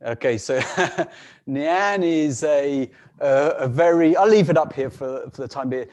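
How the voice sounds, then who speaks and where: Slow-talking man telling a folk tale. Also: fairly high pitch. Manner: unhurried, with frequent restarts and soft laughs. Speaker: storyteller. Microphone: video call.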